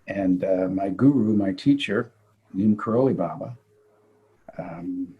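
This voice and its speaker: An older man, a physician, telling an animated anecdote in conversation and laughing as he goes. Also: lowish voice, slow pace, slightly rough, narrow, tinny audio. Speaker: guest physician. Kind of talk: storytelling in conversation.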